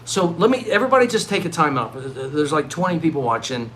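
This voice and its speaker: A middle-aged man vlogging live in a rambling monologue, swinging from loud, excited outbursts to low mutters. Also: fairly quick, a little hiss or hum, poor audio. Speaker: livestreaming vlogger.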